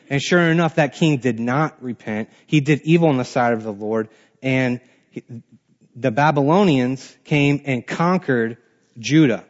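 A man leads a Bible class in a relaxed, conversational way. He reads verses aloud and then breaks them down in everyday words. His voice sits at an ordinary pitch, and the recording sounds a little dull and lo-fi. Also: a little slow. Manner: reads scripture aloud then explains it plainly, with restarts. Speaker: Bible teacher. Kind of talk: casual Bible class teaching.

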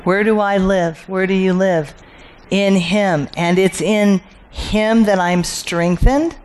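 A Bible teacher working through scripture verse by verse, asking rhetorical questions, answering them, and repeating key phrases for emphasis. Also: mid-range voice.

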